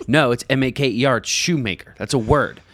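A man's voice: mid-range voice, brisk, fairly bright tone, no echo, clean studio sound. A man in his thirties co-hosting a sports podcast, ranting and getting worked up in casual chat. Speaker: podcast co-host.

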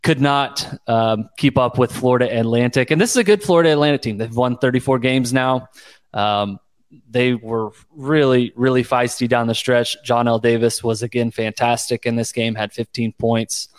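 A man from Oklahoma co-hosting a sports podcast, recapping games in a relaxed, easygoing way. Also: mid-range voice, normal speed, smooth. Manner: relaxed, easygoing analysis with fillers. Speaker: podcast co-host.

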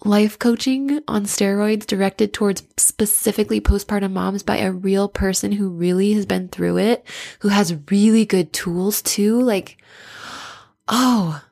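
A woman's voice: mid-range voice, steady tone, a little slow, vocal fry, a little mellow. A woman in her thirties hosting a casual podcast as a life coach, bubbly and chatty, laughing often, with a stuffy nose. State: stuffy nose from sinus blockage.

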